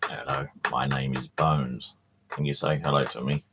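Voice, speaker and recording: A man voicing a teasing male skull doll in a slow, mock-menacing tone. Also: very deep voice, little pitch movement, pushed and bright, slight background noise, pitched below the performer's own voice, full character voice. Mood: playful.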